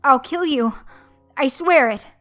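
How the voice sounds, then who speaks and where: A woman voicing a terrified young woman held captive, crying out high and loud. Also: very slow, faint music behind. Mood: defiant. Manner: high, loud, desperate cries.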